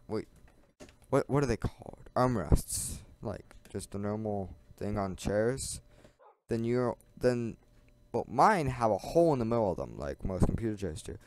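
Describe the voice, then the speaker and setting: A man's voice: medium pitch, darkish tone. A man in casual gaming commentary, chatty and easily distracted, talking into a headset from his computer chair at home. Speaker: gaming channel host.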